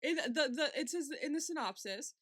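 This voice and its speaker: High bright-voiced woman podcaster. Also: moderate pace, no echo, studio quality. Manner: laughs often, swears freely, animated. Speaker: podcast co-host. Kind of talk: casual recap chat.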